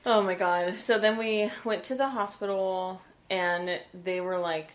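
A young woman co-hosting a podcast, telling an animated story in casual chat and swearing freely. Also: medium pitch, unhurried. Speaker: podcast co-host.

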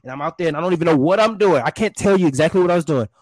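Man, stage performer guest, animated storyteller, dry close sound. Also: fairly high pitch, rapid-fire, no echo. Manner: animated, acts out quotes with shouts and pants. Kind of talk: casual interview storytelling.

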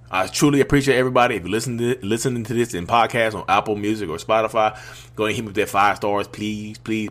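A man's voice: fairly low pitch, fairly bright tone. A man giving informal advice in a casual, conversational monologue, full of slang and frequent "you know what I mean?" tags. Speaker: vlogger and podcaster.

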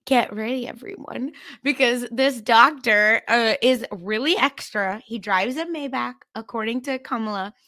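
A woman's voice: fairly high pitch, unhurried, few pauses, sharp tone. A young woman from India co-hosting a podcast, recapping a TV episode in casual, bubbly chat full of fillers. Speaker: podcast co-host.

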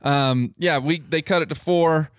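A man's voice: a little high, smooth, no room sound, studio quality. A man co-hosting a casual sports podcast, running through game recaps and awards with frequent ums. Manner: recaps games in quick bursts with ums. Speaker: podcast co-host.

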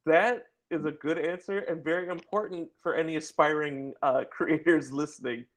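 A man hosting a podcast in a playful, joking way, spinning silly hypothetical setups for his guest. His voice sits a little higher than most men's. He keeps the chat loose and easygoing. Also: fairly even intonation, normal speed. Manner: playful, jokey, sets up absurd scenarios. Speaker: podcast host. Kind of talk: casual interview chat.

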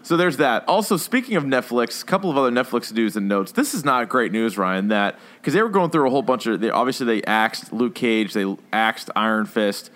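Brief: male podcast host, mid-pitched, chatty, laughs and swears casually. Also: expressive, fairly quick, few pauses, a bit bright. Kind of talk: casual chat.

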